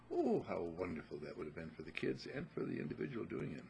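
Man, teaching talk, low voice, gravelly, lively pitch, acts out dialogues. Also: fast talker, few pauses, a little hiss or hum, low-quality recording. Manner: acts out dialogues, clears throat often.

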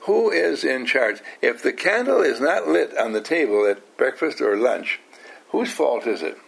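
A man's voice: medium pitch, very animated, a little slow, vocal fry, a bit bright, slightly rough. An older man giving an informal talk to a small group, often asking questions, teasing his listeners and acting out the people he quotes. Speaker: household teacher.

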